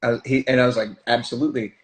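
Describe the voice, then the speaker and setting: A man chatting as an interview guest, telling stories in an animated way with quick asides. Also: lowish voice. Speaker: guest, stage performer. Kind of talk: casual interview chat. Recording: echoey room.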